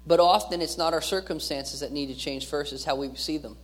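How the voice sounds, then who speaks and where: A man's voice: fairly high pitch, fairly quick. Earnest male pastor preaching. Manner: earnest, preachy, with repeated phrases and restarts. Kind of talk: sermon.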